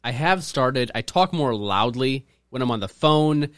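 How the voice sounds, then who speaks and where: A man co-hosting a podcast in casual chat, talking loudly and punchily. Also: mid-range voice, animated, measured pace, no room sound, studio quality. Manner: loud, punchy delivery. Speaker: podcast co-host.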